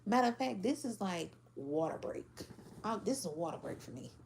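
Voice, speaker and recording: A woman's voice: mid-range voice, animated, fairly quick, vocal fry, darkish tone, a little hiss or hum. A woman giving a casual tarot reading to a general audience, blunt and profane, acting out how other people react. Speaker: tarot reader.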